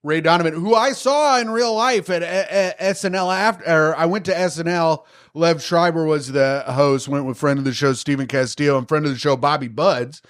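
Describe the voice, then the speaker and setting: A man's voice: fairly high pitch, normal speed, few pauses, fairly bright tone, clean tone. A man in his thirties co-hosting a podcast, reading a news story aloud and riffing on it with crude jokes. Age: 30s. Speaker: podcast co-host. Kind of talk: casual comedic chat, reading news aloud.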